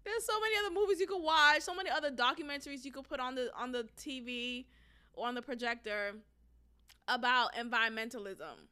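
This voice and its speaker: A woman's voice: high-pitched, steady tone, brisk, pushed and bright, clean tone. A woman hosting a podcast and talking bluntly, profanely and with frequent laughter in casual opinionated commentary. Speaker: podcast host; former teacher.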